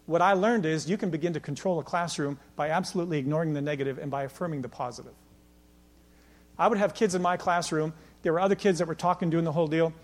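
A middle-aged man preaching a sermon as pastor, emphatic and rhetorical, building to near-shouts at his peaks. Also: a little high, quick pace. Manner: repeats "can I tell you" rhetorically.

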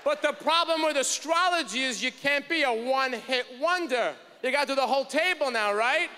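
A male stand-up comedian telling stories punchily and shouting his punchlines on a festival stage. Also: extremely high pitch, normal speed, crowd noise. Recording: reverberant hall stage with faint noise.

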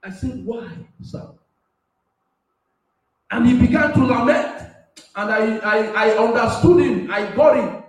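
A man preaching a sermon on a radio platform, swinging between loud shouting and soft asides and laughing often. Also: extremely high pitch, very echoey, far from the mic, poor audio.

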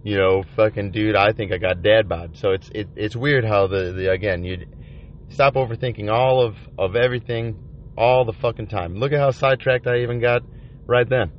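Man, low voice, profane halting vlog confession from a van, dull lo-fi sound. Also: a little hiss or hum. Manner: profane, halting, with many restarts. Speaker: vlogger. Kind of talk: rambling confessional monologue. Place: inside a van by the ocean. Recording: dull lo-fi recording.

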